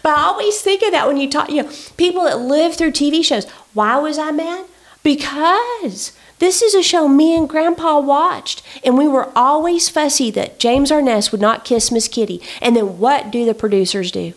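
A woman telling a story in casual chat, animated and indignant, with many fillers. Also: high voice, moderate pace.

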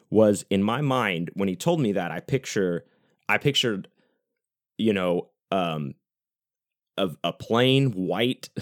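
A man hosts his own podcast in a loose, rambling monologue, dropping casual profanity as he goes. His voice sits low, and the sound is dry, with no room echo. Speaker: podcast host.

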